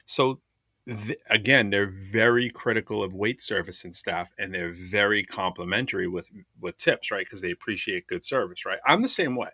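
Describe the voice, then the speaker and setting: A man in his thirties co-hosts a casual podcast, speaking in a lowish voice at a moderate pace. He is an animated storyteller who acts out the voices of the people he quotes. The recording is dry.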